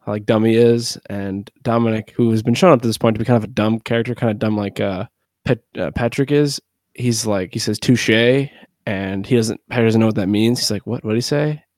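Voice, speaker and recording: A man co-hosting a podcast, chatting casually about a film and retelling its scenes through quick quoted snippets full of "like". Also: lowish voice, steady tone, darkish tone, no echo, studio quality. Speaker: podcast co-host. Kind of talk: casual movie discussion.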